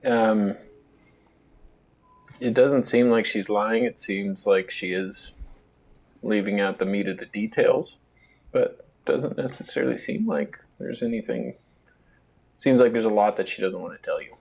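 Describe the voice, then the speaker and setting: A man running a tabletop role-playing game as game master, calling for checks and narrating in a relaxed, dry way. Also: lowish voice, measured pace, vocal fry, pauses often, breathy edge.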